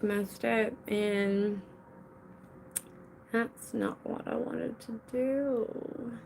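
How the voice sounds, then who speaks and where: A woman's voice: mid-range voice, gravelly, a little mellow, slight background noise. A young woman hosting a casual solo podcast from home, rambling and restless, often breaking off mid-sentence. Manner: rambling, restless, self-interrupting. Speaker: podcast host. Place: home with children nearby.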